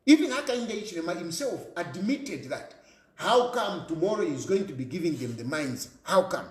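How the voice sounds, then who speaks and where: A man's voice: fairly high pitch, very animated, normal speed, reverberant. A Zambian man giving an impassioned political monologue, firing off repeated rhetorical questions and switching between English and a local language. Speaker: political commentator.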